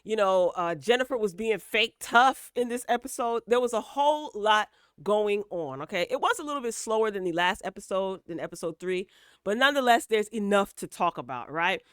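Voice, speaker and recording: Woman vlogger, blunt and chatty, keeps checking in with the viewer; smooth voice, dry close recording. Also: medium pitch, lively intonation, normal speed, fairly bright tone, no room sound. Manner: chatty, tags lines with "okay?" and "right?"; sassy, blunt asides. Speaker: reality TV recap host. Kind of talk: casual opinionated recap.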